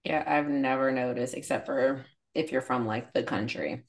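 A woman's voice: very deep voice, normal speed, gravelly. A young woman from Virginia co-hosting a podcast, speaking casually with slang and tired-sounding asides. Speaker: podcast co-host. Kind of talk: casual chat.

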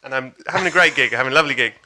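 A man's voice: medium pitch, very fast, sharp tone, slight background noise. A man, a comedian, telling a story in casual chat, laughing often and acting out voices. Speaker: stand-up comedian guest.

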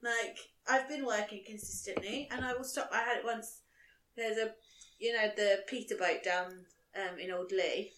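A young woman co-hosts a podcast, chatting casually and swearing now and then. Her mid-range voice is slightly bright with fairly even intonation at a normal speed, and the room sounds echoey.

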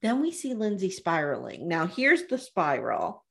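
A woman's voice: lowish voice, big pitch swings, unhurried, creaky. A woman co-hosting a podcast, retelling reality TV scenes in casual chat and laughing often. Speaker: podcast co-host.

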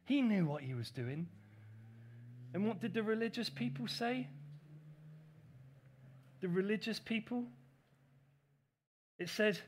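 High-voiced pastor preaching. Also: male voice, takes it slowly, pauses often. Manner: animated, acts out voices of critics. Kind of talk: sermon.

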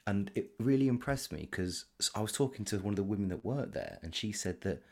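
A man's voice: lowish voice, a little mellow. A man co-hosting a casual chat, playful and jokey as he shares his thoughts.

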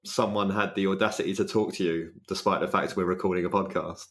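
Man, very low voice, laid-back swearing banter, podcast chat. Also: steady tone, fast, a bit bright. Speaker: podcast host.

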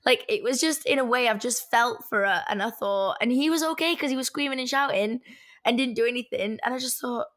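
A woman's voice: a little high, a little fast, fairly bright tone. A woman hosting a podcast, telling stories dramatically. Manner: dramatic storyteller with gasps and laughs. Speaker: podcast host. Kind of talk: casual chat.

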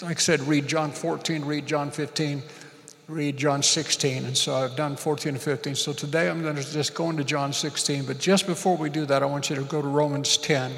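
Male preacher, fervent, repeats phrases, gravelly voice, slightly high pitch, long hall reverb. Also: steady tone, fairly quick, fairly bright tone. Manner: fervent, repeats phrases, leads the congregation in call and response. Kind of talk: prayer and sermon. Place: church service.

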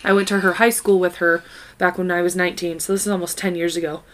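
A woman's voice: fairly low pitch, level tone, quick pace, slight background noise. A woman in her late twenties from the Midwest, co-hosting a podcast in casual chat, laughing often and swearing casually. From Midwest US, Kansas. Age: 20s. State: pregnant. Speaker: podcast co-host.

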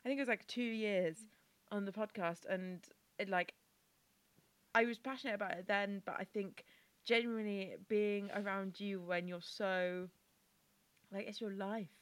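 A woman's voice: mid-range voice, fairly even intonation, unhurried, clean tone, no room sound. Lady cohost, earnest rambly chat, trips over her words a bit. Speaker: podcast co-host. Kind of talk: casual chat.

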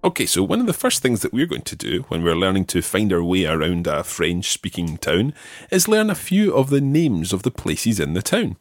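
A man hosting a podcast language lesson, patiently repeating words slowly for practice. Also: deep voice, huge pitch swings, dry recording. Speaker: language teacher and podcast host.

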